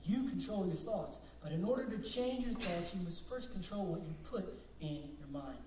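A man's voice: sits high, animated, normal speed, reverberant, recorded from a distance, background noise. A young man preaching a sermon as pastor, switching between conversational storytelling and emphatic points.

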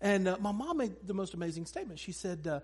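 A man's voice: high voice, fast, husky. A man preaching a sermon to a congregation from a church stage. He tells funny family stories and talks directly to the crowd. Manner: animated, humorous storyteller who talks to the congregation. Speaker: pastor.

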